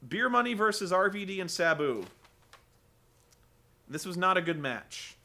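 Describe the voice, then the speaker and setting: A man's voice: sits high, very animated, a little slow, sharp tone. A man giving a sarcastic, rambling, profane comedic recap of a show as host.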